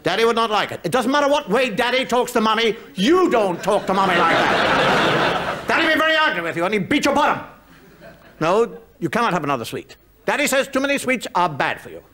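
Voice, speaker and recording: A man voicing a prim mother scolding her small boy, sweetly threatening and slow. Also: sits high, very animated, pushed and bright, exaggerated voice. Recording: live audience laughter, noisy room.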